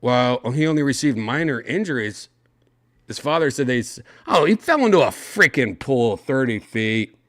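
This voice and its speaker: A man's voice: medium pitch, moderate pace, no echo, clean studio sound. A man hosting a podcast, reading news stories aloud in a casual chat and reacting with lots of exclamations and swearing. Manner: animated, exclaiming, swearing often. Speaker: podcast host.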